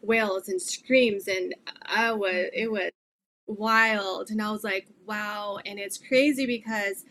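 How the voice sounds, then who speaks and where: A woman's voice: medium pitch, fairly even intonation, slow, a bit bright. A middle-aged woman earnestly telling her faith testimony in an interview, rambling with many fillers. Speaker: guest sharing her testimony.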